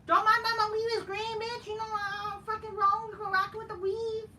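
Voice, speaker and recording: A man puts on a brash, sassy woman who fusses over her weave, in a squeaky falsetto pitched far above his own. The tone is bright and brassy, with drawn-out hums between lines. The mic sits a little far off, with a faint hiss behind. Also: flat delivery, reverberant, exaggerated voice.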